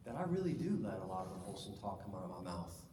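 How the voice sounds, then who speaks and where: A man preaching a sermon in a church, lively and conversational, acting out stories. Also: sits low, racing, background noise. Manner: lively, conversational, acts out anecdotes. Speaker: pastor. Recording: echoey hall, distant mic, faint ambience.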